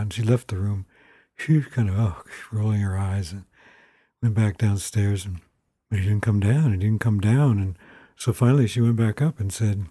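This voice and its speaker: A man's voice: lowish voice, moderate pace, dark tone, breathy edge, dry recording, clean studio sound. A man telling a story aloud in an informal, rambling way. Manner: informal, rambling with fillers and restarts. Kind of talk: spoken storytelling.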